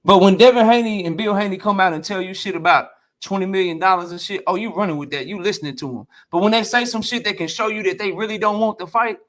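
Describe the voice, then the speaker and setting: A man's voice: sits high, fast, hardly any pauses, a bit bright. A man in a boxing debate on a live stream, ranting heatedly and with a lot of profanity.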